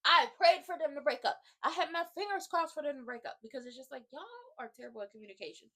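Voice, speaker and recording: A woman hosting her own video channel, giving a casual, animated recap of a TV drama full of slang and talking straight to her viewers. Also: sits high, fast talker. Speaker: YouTube host recapping a TV drama.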